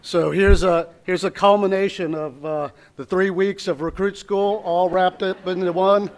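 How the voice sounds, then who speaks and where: A man's voice: high-pitched, fairly even intonation, unhurried. A man introducing the next segment at a graduation ceremony, hesitant and full of restarts.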